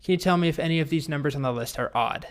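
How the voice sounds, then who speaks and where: A man's voice: a little high, racing, close to an everyday voice. A man voicing an eager young boy apprentice in a spoken story, polite and pleading.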